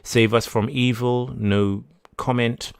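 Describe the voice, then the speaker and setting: A man's voice: medium pitch, steady tone, slow, creaky, clear, resonant tone, no echo, clean studio sound. A man hosting a live podcast stream, chatting casually and reading viewer messages aloud, often restarting and correcting himself. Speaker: livestream podcast host.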